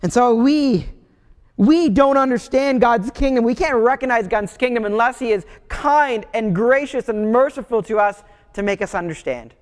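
A man's voice: very high voice, moderate pace, in a large hall. A man giving a sermon as pastor, preaching in a conversational, storytelling way.

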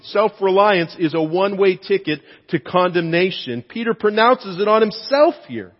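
A man preaching a sermon with lively, expressive delivery, his voice rising when he acts out quoted lines. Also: high-pitched, measured pace, few pauses. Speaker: pastor. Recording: dull sound with long hall reverb.

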